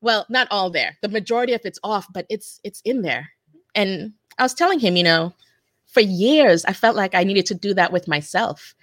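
A woman in her forties, a guest telling a personal story in an earnest, halting way with many restarts. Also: medium pitch, animated, a bit bright, dry recording, clean studio sound. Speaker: interview guest. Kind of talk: personal testimony in conversation.

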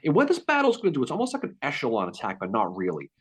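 A man hosting a podcast, telling a Civil War battle story in a casual, animated way. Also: mid-range voice, rapid-fire, breathy edge. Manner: animated, acts out quotes. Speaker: podcast host.

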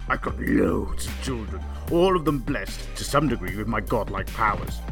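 A man's voice: lively intonation, measured pace, creaky, music in the background. A man voicing a theatrical, anxious king of the gods, pompous and hammy in his delivery. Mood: conspiratorial. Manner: pompous, hammy, swoops high and low. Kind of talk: comedy audio sketch.

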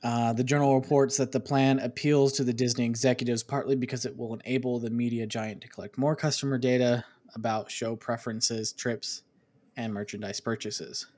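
A man's voice: mid-range voice, fairly even intonation, fairly quick, a little mellow. Man reading news on a chat podcast. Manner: reads items, then dry asides.

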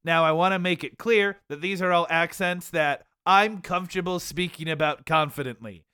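Bright-voiced young man, animated. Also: on the high side, normal speed, smooth, no echo, studio quality. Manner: animated, laughs often. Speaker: podcast co-host. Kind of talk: casual chat.

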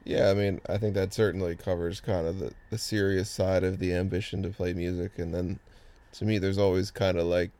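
A man hosting a casual interview, asking relaxed questions and cracking jokes. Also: low-pitched, fairly quick, few pauses. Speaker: interview host.

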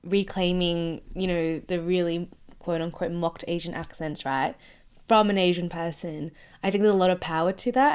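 A woman's voice: on the low side, darkish tone. A woman co-hosting a casual podcast discussion, reasoning through her view with frequent "you know" and "like". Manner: reflective, filler-heavy with many "you know" and "like". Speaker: podcast co-host.

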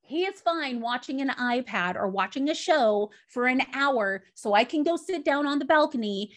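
A woman's voice: high-pitched, animated, moderate pace, a bit bright. A woman in her thirties chatting candidly on a podcast, telling stories and acting out little bits of dialogue. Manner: candid, storytelling, acts out dialogue. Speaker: podcast guest. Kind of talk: casual chat.

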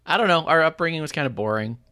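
A man co-hosting a podcast, recapping an episode in relaxed casual chat with lots of fillers and restarts. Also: fairly high pitch, quick pace, clean tone. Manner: laid-back, many fillers and restarts, laughs often. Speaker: podcast co-host.

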